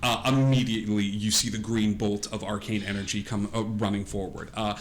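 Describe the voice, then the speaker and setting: Low-voiced rambling game master, man. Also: level tone, brisk, slight background noise. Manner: meandering, filler-heavy narration. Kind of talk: narrating a tabletop game.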